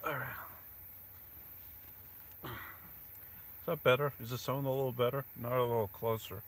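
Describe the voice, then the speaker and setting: A man live-streaming from inside his van on a rainy night, talking quietly into a phone propped close to him. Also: mid-range voice, little pitch movement, moderate pace, slight background noise. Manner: talks quietly, keeping his voice down. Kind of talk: casual live stream chat.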